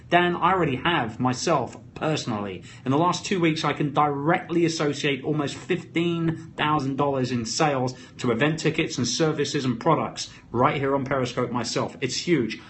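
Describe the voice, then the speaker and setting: An energetic, chatty man hosting a live stream, with a voice a bit higher than most men's. He talks into a phone propped against his computer at his desk, with a faint hum of room noise behind him. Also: moderate pace, few pauses. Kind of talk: casual live stream chat, reading viewer comments.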